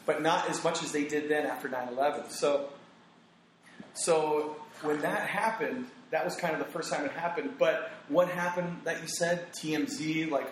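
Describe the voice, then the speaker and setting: A man hosting a casual podcast chat, giving animated, opinionated takes with quoted asides. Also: on the high side, moderate pace, a little hiss or hum. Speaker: podcast host. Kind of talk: casual conversational podcast talk. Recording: very echoey room.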